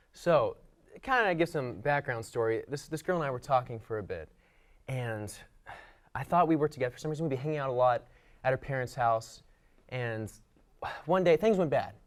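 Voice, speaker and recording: A young man telling a casual story in an animated, self-deprecating way, laughing at himself. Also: medium pitch, normal speed. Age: young adult. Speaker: student panelist.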